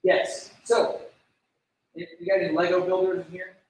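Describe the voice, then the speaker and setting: Speaking at a normal speed, this youth pastor has a high, darkish voice and a flat delivery. His casual sermon is conversational and packed with "like," as he quizzes the room and performs prayers in small voices. He was recorded from a distance in an echoey room.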